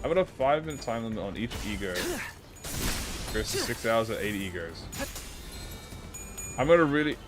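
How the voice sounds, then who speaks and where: While gaming on a live stream, a young man chats excitably in a mid-range voice, fairly quick but with long pauses, swearing a lot and stammering through restarts as he rambles. He's quick to insist to chat that he isn't upset. Game music plays clearly behind him.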